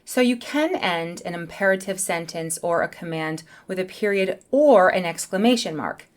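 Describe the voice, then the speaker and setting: Clear, careful woman teaching English. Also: lowish voice, expressive, normal speed. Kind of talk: beginner English lesson.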